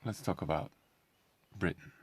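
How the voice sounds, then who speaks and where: A man's voice: moderate pace, no echo. A man talking in a casual commentary vlog, sarcastic and combative, firing off rhetorical questions. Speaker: online commentator.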